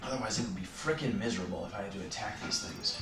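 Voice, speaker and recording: A man's voice: on the low side, animated, fast. A man casually chatting and joking while streaming a game, rambling in a playful way. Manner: playful, rambling, jokey asides. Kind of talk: casual gameplay chat on a live stream. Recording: roomy, distant mic with loud music behind. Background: game music.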